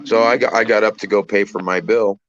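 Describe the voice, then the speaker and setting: A man telling a personal story in a casual, halting way, repeating words and using many fillers. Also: lowish voice, steady tone, a bit bright, muffled recording. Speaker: trucker channel host.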